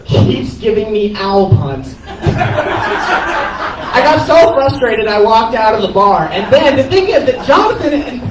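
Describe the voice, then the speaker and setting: Guy with a really high voice doing a swear-y comic eulogy, echoey room, mic far off. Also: takes it slowly. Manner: animated and profane, laughing as he tells it. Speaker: stand-up comedian. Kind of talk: comedic eulogy storytelling. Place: comedy cafe stage, live.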